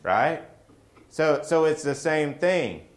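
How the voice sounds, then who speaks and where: A man's voice: on the high side, animated, slow. A middle-aged man preaching a sermon in a conversational way, often asking the congregation questions.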